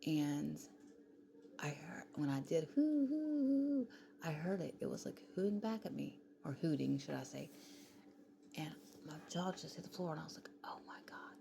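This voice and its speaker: A woman's voice: animated, normal speed, dark tone. A woman vlogging in a casual, rambling way, often dropping to a whisper. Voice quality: gravelly, low voice. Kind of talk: casual late-night vlog chat. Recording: clear background noise.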